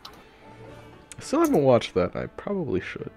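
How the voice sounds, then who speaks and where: A man of ordinary pitch chats loosely with his gaming group over a voice call. He rambles, trails off, and breaks into laughter often. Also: huge pitch swings, a little slow, creaky, darkish tone, faint music behind. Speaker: tabletop game player. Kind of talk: casual chat over voice call.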